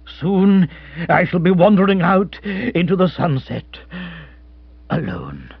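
A gallant but crushed British colonial hunter who confesses in a low, earnest mutter, as a male narrator puts him on. His voice is husky. The sound is dull and dry. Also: sing-song, takes it slowly, no echo, exaggerated voice. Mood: lovelorn. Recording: dull, dry close recording.

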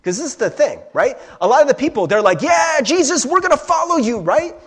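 A man preaching a sermon as a pastor, animated, acting out crowd voices and asking rhetorical questions. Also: extremely high pitch, husky.

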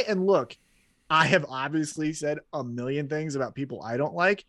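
A man's voice: fairly high pitch, normal speed, dry recording. A man co-hosting a wrestling podcast in casual chat, blunt and swearing freely as he tells stories. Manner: blunt, swears, animated storytelling.

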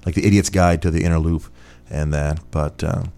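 A man's voice: extremely low pitch, steady tone, fairly quick, creaky, dark tone, clean tone. A man hosting a podcast, answering listener questions in a rambling, chatty way. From Rochester, New York. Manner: rambling, chatty, many fillers. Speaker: podcast host. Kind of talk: casual listener Q&A.

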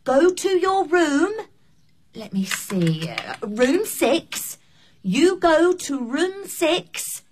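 Brief: a high, animated hotel receptionist, slow and clear. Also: female voice, a little hiss or hum, heavily acted. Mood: flustered. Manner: speaks slowly and clearly to be understood. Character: flustered female hotel receptionist. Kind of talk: scripted learning drama.

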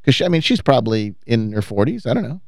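A man with a gravelly, creaky voice cohosts a talk-radio show, trading wry, sardonic banter. His voice sits at a middle pitch, and the sound is dry and close to the mic. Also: sing-song, fast talker, a little mellow, dry recording. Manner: sardonic, self-deprecating, wry.

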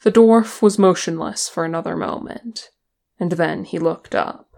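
A reader tells a fan fiction story at an unhurried pace. The voice has a gravelly texture, and the storytelling is steady and even. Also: medium pitch. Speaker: audiobook reader. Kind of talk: fan fiction audiobook narration.

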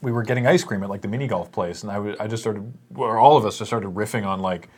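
A man's voice: fairly low pitch, slightly rough. A man co-hosting a podcast, chatting casually with many restarts and fillers. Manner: halting, many restarts and fillers, laughs into words. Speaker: podcast co-host, sketch video maker. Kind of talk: casual chat.

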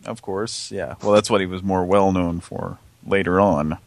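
A man's voice: low voice, steady tone, moderate pace, gravelly, no room sound. A man co-hosting a casual show over a voice call, laid-back and often laughing between jokes. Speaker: co-host.

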